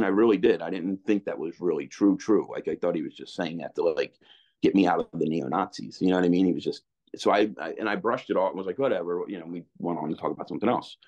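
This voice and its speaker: A man's voice: sits low, a little mellow. A middle-aged man telling his story in a candid conversation, rambling with many restarts and casual asides like "man" and "you know what I mean". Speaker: interview guest. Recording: dull lo-fi sound.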